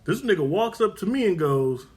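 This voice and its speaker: A man tells a story on his podcast with a slightly high, very lively voice. He talks in loose, profane slang and keeps checking in with "right?". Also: moderate pace, slight background noise. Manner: animated, profane slang, frequent "right?" asides. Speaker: podcast host telling a story. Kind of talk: casual storytelling chat.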